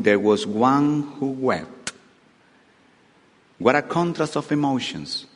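Dramatic preacher in a reverberant hall. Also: male voice, medium pitch, expressive, slow. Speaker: pastor. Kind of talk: sermon. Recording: long reverb of a large hall.

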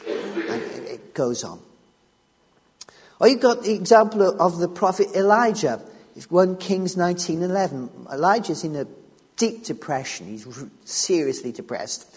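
Emphatic and repeating key phrases as he starts his sentences over, a man preaches on scripture. His husky voice sits high and has a sing-song lilt at a moderate pace, with the long reverb of a large hall.

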